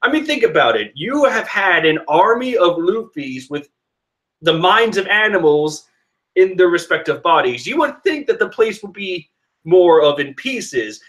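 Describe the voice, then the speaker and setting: A man casually reading and reacting to a comic chapter, animated and rambling with restarts. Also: sits high, a little slow.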